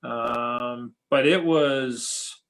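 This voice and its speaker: Bright, animated man telling old stories. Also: mid-range voice, extremely slow, vocal fry. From United States. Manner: rambling, many fillers and restarts, animated when quoting. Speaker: podcast guest, former hockey player. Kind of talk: casual storytelling interview.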